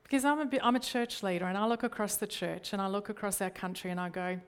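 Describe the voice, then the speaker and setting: This middle-aged Australian church leader talks fast with fairly even intonation, her medium-pitched voice clear and resonant. Preaching earnestly, she often addresses the congregation with rhetorical questions.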